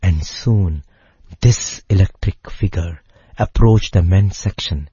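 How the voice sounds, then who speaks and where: A man narrating a devotional story in a measured way, pausing phrase by phrase. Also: deep voice, mellow, husky, dry recording, lo-fi sound.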